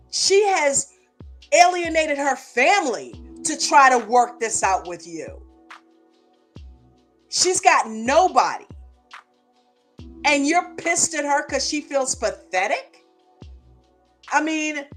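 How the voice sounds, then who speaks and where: Woman, high voice, recap host, indignant and profane, faint music underneath. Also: expressive, slow, long pauses, fairly bright tone. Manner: passionate, indignant, swears freely. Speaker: reality show recap host. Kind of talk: reaction recap commentary.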